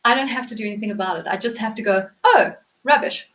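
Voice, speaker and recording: A woman's voice: mid-range voice, rapid-fire, muffled recording. A woman hosting an interview as a life coach, explaining her ideas earnestly and repeating phrases for emphasis. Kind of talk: reflective interview talk.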